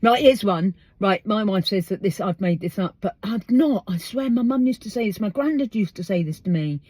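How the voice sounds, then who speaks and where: A woman's voice: mid-range voice, animated, normal speed, darkish tone, breathy edge, no room sound. An English woman hosting her podcast outdoors, chatting emphatically and firing off rhetorical questions. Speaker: podcast host. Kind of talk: casual monologue.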